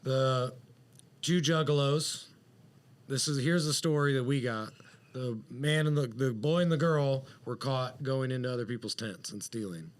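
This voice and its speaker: A man's voice: mid-range voice, unhurried. A man on a podcast telling a long story in casual chat, rambling and profane, with lots of fillers. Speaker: podcast co-host.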